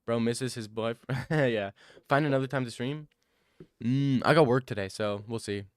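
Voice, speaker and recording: A man's voice: medium pitch, moderate pace, no echo, studio quality. A young adult man streaming live, chatting casually and answering his viewers' questions in a laid-back, rambling way. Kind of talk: casual chat reading live chat.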